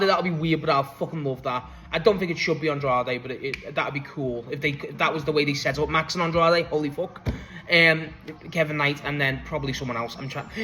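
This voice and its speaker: A young man talks through a wrestling episode in a loose, unscripted recap. His voice sits a little high and sounds bright and sharp. He gets worked up, swears freely and breaks into laughter as he reviews. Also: rough recording.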